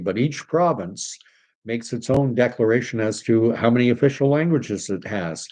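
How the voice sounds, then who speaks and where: A man's voice: medium pitch, mellow. A man from Canada hosting a casual livestream, reading viewer comments aloud and rambling between topics, dropping in French phrases as he goes. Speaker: livestream host reading chat.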